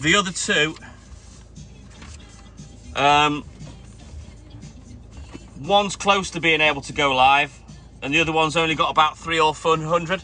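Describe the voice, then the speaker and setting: A man's voice: a little high, fairly even intonation, measured pace, pauses often, pushed and bright, soft background music. A middle-aged man, a self-employed milkman, chatting casually on a live stream during his night delivery round, greeting viewers and answering comments between stops. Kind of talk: casual live-stream chat while working.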